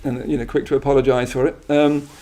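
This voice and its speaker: A middle-aged man from England giving a reflective Buddhist talk, halting and full of restarts, with quiet trailing asides. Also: medium pitch, level tone.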